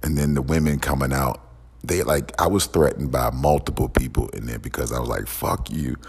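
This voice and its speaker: A man's voice: a bass voice, fairly even intonation, brisk, breathy edge. A man delivering a heated, profane, repetitive rant as a podcast host. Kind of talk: angry ranting monologue. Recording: long echoing reverb.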